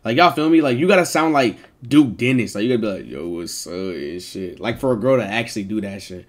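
A streamer man chatting live with his viewers, his voice sitting at an ordinary middle pitch. He jokes and banters in quick, slangy bursts, swearing freely as he asks his audience for advice. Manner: animated, joking, heavy slang and swearing.

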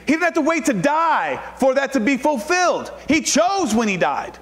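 A man preaching a sermon as pastor, building to loud, repeated emphatic lines and reading scripture slowly and deliberately. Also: very high voice, sing-song, in a large hall. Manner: preaching with rising shouted emphasis and repetition.

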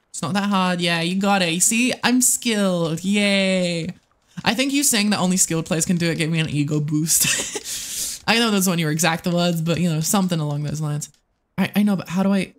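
A young adult game streamer, excitable and quick with curses, talks to chat live in a middling-pitched voice. While playing they ramble, restart thoughts and narrate to themselves.

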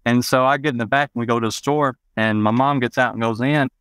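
A man's voice: medium pitch, fairly even intonation, fast, a bit bright, smooth, no room sound. A man from Arkansas, telling personal memories as an interview guest, rambling with many "you know" asides.

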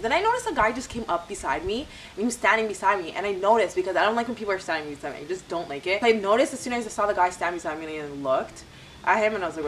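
A young woman telling chatty, animated stories as a vlogger. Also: mid-range voice, racing, recorded from a distance, slight background noise, low-quality recording. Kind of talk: casual storytime.

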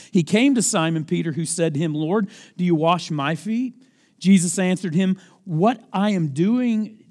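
A man, a campus pastor, preaching a sermon with earnest, deliberate emphasis and an occasional self-deprecating aside. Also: fairly high pitch, a little mellow. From United States.

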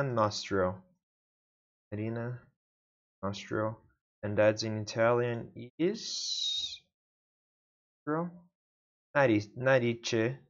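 A man's voice: medium pitch, muffled recording. A man whose first language is Portuguese, practicing vocabulary aloud in casual self-study and repeating each word over and over to himself. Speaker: language learner.

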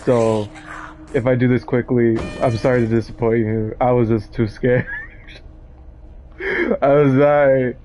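A man's voice: medium pitch, flat delivery, normal speed, dark tone, faint music behind. A man streaming a horror game live, nervously talking to himself and swearing often. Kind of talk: live gameplay commentary.

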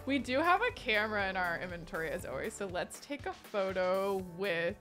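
A young woman giving casual, animated commentary while playing a life-simulation game, now and then reading the game's text aloud. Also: normal speed, few pauses, soft background music. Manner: chatty and animated, jumping up high for excited squeals. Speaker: gaming streamer.

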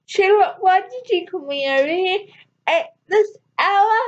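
A woman's voice: extremely high pitch, expressive, a little slow, lo-fi sound, pitched above the performer's own voice. A woman voicing an exasperated male doctor woken too early, in an amateur audio story reading.

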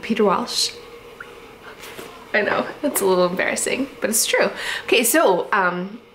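A woman's voice: mid-range voice, animated, moderate pace. Lady vlogging about organizing, rambly and giggly, lots of ums, bit of faint noise behind. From Canada. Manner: chatty, rambling, giggly, with many fillers. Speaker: home organizing YouTuber. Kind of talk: casual storytelling vlog.

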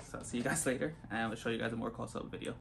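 A young man hosting a casual unboxing vlog, talking in an awkward monotone full of ums. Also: medium pitch, rapid-fire, gravelly. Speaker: unboxing vlogger. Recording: faint background noise.

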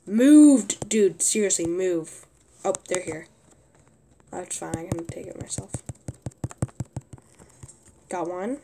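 A young woman commenting on her own gameplay, often exasperated and yelling at a teammate. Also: fairly low pitch, expressive, takes it slowly, pauses often, noisy background. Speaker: gaming youtuber.

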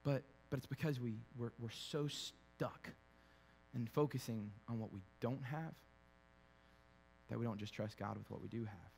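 A man preaching a sermon as a pastor, shifting from quiet conversational storytelling with fillers to loud, emphatic preaching. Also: medium pitch, measured pace, gravelly, slight background noise. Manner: conversational, with fillers and repeated words. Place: church sanctuary.

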